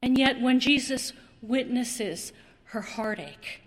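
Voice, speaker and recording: A woman preaching a sermon, slow and dramatic, with long pauses and repeated words. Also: on the high side, big-room sound.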